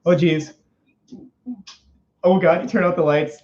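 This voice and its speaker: A man plays a high-pitched, nervous teenage boy who stammers and keeps muttering little worried exclamations. He hosts a live-stream character chat. The sound is dull and lo-fi, and it echoes off the room. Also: fairly even intonation, a little slow, a little mellow, natural voice. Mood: scared. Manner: stammering, repeating "oh geez" and "oh boy". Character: nervous stammering fifteen-year-old boy Morty. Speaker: livestream host.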